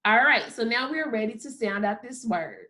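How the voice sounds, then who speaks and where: A woman teaching a kindergarten phonics lesson, sounding out letters slowly and praising often. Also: on the high side, expressive, pushed and bright. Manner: slow, drawn-out sounding of letters with frequent praise. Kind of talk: phonics lesson for young children.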